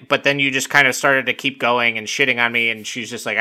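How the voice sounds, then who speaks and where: Bright-voiced rambling young man. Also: mid-range voice, fast talker, hardly any pauses. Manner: rambling, profane, full of "like" and laughter. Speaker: podcast host. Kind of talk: casual recap commentary.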